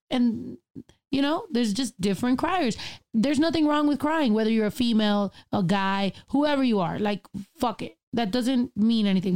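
Brash, profane woman telling stories. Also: on the high side. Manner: loud, profane, laughing storyteller. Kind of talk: casual chat among friends.

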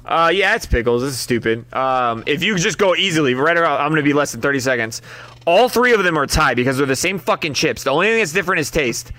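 A man's voice: a little high, lively intonation, fast talker, pushed and bright, dry recording. A man co-hosting a casual podcast chat, joking and swearing as he eggs the others on. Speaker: podcast co-host.

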